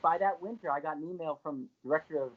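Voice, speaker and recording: A man guest on a podcast, telling an anecdote in a lively way and laughing along as he goes. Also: fairly high pitch, fast, phone-quality sound. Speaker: guest, actor.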